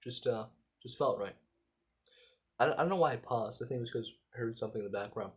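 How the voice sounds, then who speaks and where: Husky, rambling young man. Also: mid-range voice. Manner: rambling, halting, with many fillers and profanity. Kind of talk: casual vlog monologue. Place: indoor room at home.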